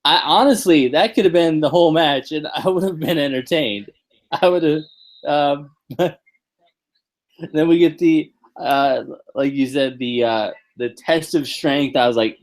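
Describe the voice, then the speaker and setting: A man's voice: fairly high pitch, measured pace, rough recording. A man co-hosting a podcast, chatting casually about a wrestling show in a rambling, hesitant way. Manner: rambling, hesitant, many restarts and fillers. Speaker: podcast co-host.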